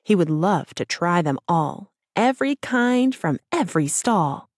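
A woman narrating a rhyming children's audiobook in a gentle, sing-song storytelling way. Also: fairly low pitch, very animated, a little slow, no echo, studio quality.

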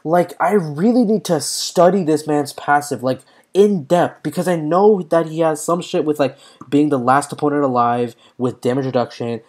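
A man's voice: on the high side, moderate pace, hardly any pauses, a little mellow. A young man giving live commentary while playing a mobile fighting game, talking in slang and often exclaiming in frustration.

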